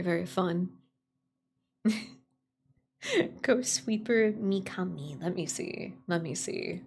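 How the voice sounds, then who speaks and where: A woman streamer chatting casually with viewers on a live stream, swearing freely and breaking into high squeals and laughter when startled. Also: creaky, a little hiss or hum. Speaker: VTuber streamer.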